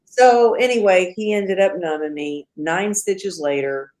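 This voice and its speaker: A middle-aged woman, a podcast guest, telling a personal story in a casual, animated way and acting out the quotes. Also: fairly low pitch, unhurried.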